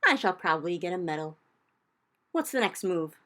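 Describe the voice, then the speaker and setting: A woman's voice: fairly low pitch, very animated, moderate pace, sharp tone. A woman voicing a pompous, self-important male army chief in a storybook reading, who blusters and orders people about. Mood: smug. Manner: blustering, bossy.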